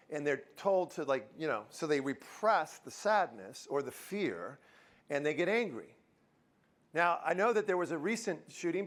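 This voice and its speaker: A man giving a live motivational talk in a university auditorium, joking and quizzing the audience. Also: a little high. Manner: lively, jokey, quizzes the crowd. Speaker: motivational speaker.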